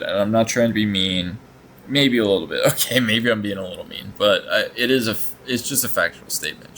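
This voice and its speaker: A man's voice: fairly low pitch, fairly bright tone, a little hiss or hum, low-quality recording. A man hosting a reaction video, talking casually in a blunt, sarcastic way and swearing often.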